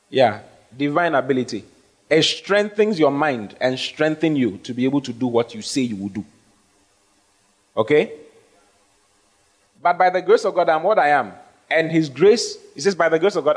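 Male pastor, slightly high-pitched, emphatic sermon with Q&A. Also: breathy edge. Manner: emphatic, rising to stressed phrases, asks the congregation questions. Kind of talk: sermon with audience questions.

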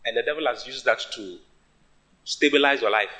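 A man preaching a sermon in English, which is not his first language; he is emphatic and his voice jumps up in sudden high bursts. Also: fairly quick, sharp tone. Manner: sings a hymn line at the start.

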